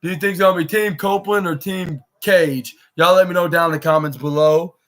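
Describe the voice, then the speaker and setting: A young man hosting a podcast, recapping wrestling in a casual, halting way with many fillers and restarts. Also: high voice, steady tone, fairly bright tone. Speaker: podcast host.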